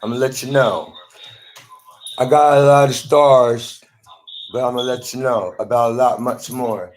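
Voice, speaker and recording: A man's voice: mid-range voice, fairly even intonation, a little slow. A man talking to a phone in a rambling monologue, often repeating and restarting his words.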